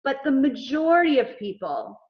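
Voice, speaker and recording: A high-pitched woman speaks in a relaxed interview, animated as she plays out little exchanges of dialogue. The sound is dull and somewhat lo-fi. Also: moderate pace. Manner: animated storyteller acting out dialogue. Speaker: executive coach, guest. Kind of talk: casual interview conversation.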